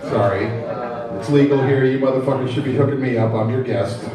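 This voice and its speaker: A man's voice: mid-range voice, brisk. A man from New Jersey performing a stand-up set on a comedy club stage, chatty, self-deprecating and teasing the crowd. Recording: echoey club from a distance.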